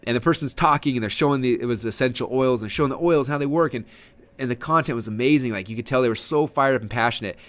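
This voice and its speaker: Energetic male marketing coach, rapid-fire webinar delivery, mid-pitched voice. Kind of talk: webinar teaching.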